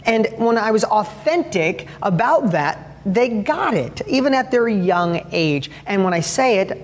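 A candid, emphatic woman host talks through her own slip-ups as a parent in a casual advice style. Her voice sits at a middling pitch and carries a long reverb tail, as if recorded in a large, echoing room. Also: sing-song, unhurried, few pauses. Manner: candid, emphatic, self-critical.

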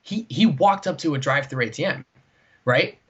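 Male co-host, husky voice, rambling anecdote style with many fillers, lo-fi dull recording. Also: fairly high pitch, expressive, normal speed. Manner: rambling, heavy use of "like" and "right?". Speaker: podcast co-host. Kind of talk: casual storytelling chat. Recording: dull lo-fi sound.

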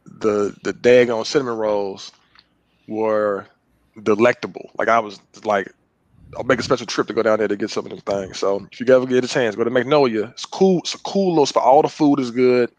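A man's voice: on the low side, a little fast, a little mellow, no echo. A man on a casual podcast, giving enthusiastic recommendations with slang. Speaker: podcast co-host. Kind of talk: casual chat among friends.

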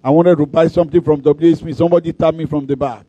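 High-voiced Nigerian pastor preaching. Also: male voice, quick pace, no room sound, muffled recording. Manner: declaring blessings, animated storytelling. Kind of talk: sermon with storytelling.

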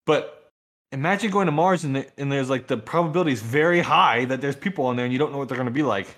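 A man's voice: medium pitch, fast talker, fairly bright tone. A man chatting casually, rambling through ideas and laughing often. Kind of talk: casual chat.

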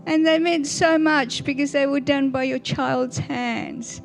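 A woman's voice: sits high, steady tone, measured pace, gravelly, faint music behind. An older woman, telling family stories in a Mother's Day church talk and often asking the congregation questions. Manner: warm storytelling with little laughs, asks the audience questions. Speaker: guest speaker at church.

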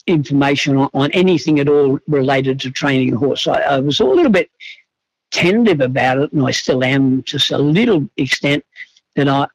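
A man's voice: medium pitch, dry recording, low-quality recording. A man, a horse trainer being interviewed, talking reflectively with frequent restarts and fillers. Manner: halting, many restarts and fillers.

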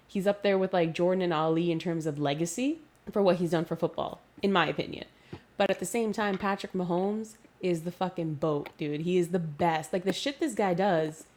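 A woman co-hosting a podcast, chatting casually about politics and sport. She talks in an animated, sweary way and laughs often. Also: medium pitch. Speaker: podcast co-host. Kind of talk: casual chat.

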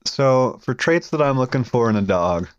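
A man co-hosting a podcast, talking in a relaxed, rambling way about what he wants in a dog. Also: medium pitch, moderate pace, clear, resonant tone, no echo, muffled recording. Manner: relaxed, rambling, self-correcting. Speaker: podcast co-host. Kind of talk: casual chat.

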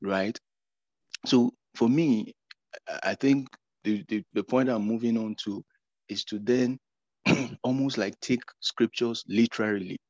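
Halting man on a muffled call. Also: mid-range voice, no room sound. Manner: halting, repeats words, earnest. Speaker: participant. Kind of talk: casual faith sharing. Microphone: video call.

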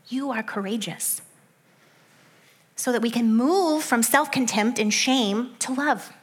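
Young woman preacher, fairly high voice, chatty and animated, dips to soft hushed tones. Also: slightly rough. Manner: conversational, animated asides, soft hushed stretches. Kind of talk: sermon.

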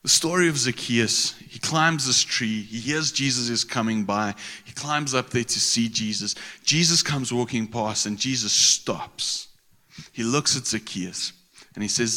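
A man's voice: medium pitch, unhurried, pushed and bright, in a large hall. A man preaching a sermon in a casual, slangy way, with frequent restarts.

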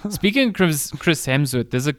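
A man's voice: fairly high pitch, big pitch swings, normal speed, dry recording, clean studio sound. A man co-hosting a casual podcast chat, laid-back, swearing casually and trailing off mid-thought. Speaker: podcast co-host.

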